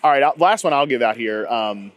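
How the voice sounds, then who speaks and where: Brief: male podcast host, quick, chatty delivery that stumbles and repeats, mid-range voice. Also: medium pitch, lively intonation, a crowd in the background. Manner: fast, rambling, repeats words when thinking. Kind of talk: casual sports betting chat. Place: radio row event floor.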